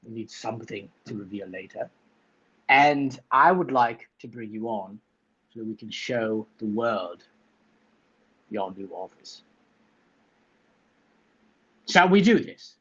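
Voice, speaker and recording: A man's voice: fairly low pitch, unhurried, pauses often, a bit bright, breathy edge, muffled recording. A man hosting a livestream, chatting playfully and teasing his guest while putting on a silly accent. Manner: jokey, put-on silly accent, teasing banter. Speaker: livestream host.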